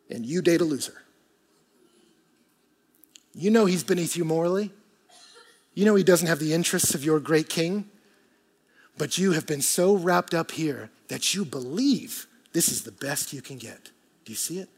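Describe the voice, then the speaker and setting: A man preaching a sermon, swinging from loud animated bursts to hushed low emphasis and acting out quoted voices for humor. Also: normal speed, pauses often, breathy edge.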